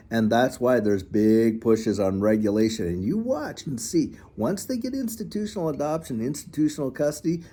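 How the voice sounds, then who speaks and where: A man hosting a finance channel, giving a folksy, animated commentary monologue and repeating phrases as he talks. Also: lowish voice. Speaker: crypto channel host.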